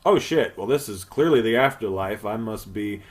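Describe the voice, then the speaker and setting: A man's voice: on the low side, animated, moderate pace, natural voice. A man voicing a brash, cocky young pilot who swears offhandedly, while retelling a film on a podcast.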